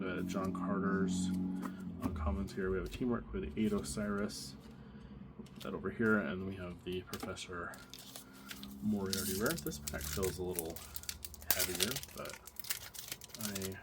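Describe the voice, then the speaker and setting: A man's voice: deep voice, steady tone, unhurried, pauses often. A man casually narrating as he opens card packs, thinking aloud with many fillers and restarts. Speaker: card collector opening packs. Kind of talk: casual unboxing commentary. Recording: audible background noise, card crinkling.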